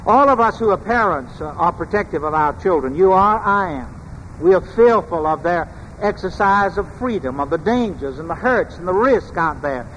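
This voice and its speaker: A man with a high voice preaches a sermon, measured and emphatic, and he pauses on rhetorical questions. His words ring through a large church with a long reverb, over a faint background hum. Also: expressive, a bit bright.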